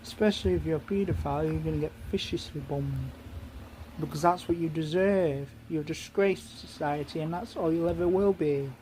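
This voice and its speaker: A man's voice: on the high side, a little fast, warm tone, a little hiss or hum, rough recording. A man ranting in an angry monologue, heated and repetitive, swearing often.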